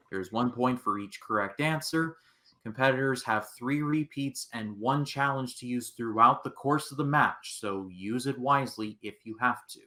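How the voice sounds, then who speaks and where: Bright-voiced man hosting a trivia match. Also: medium pitch. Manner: reads rules and questions, counts down. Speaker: quizmaster. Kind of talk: game show hosting.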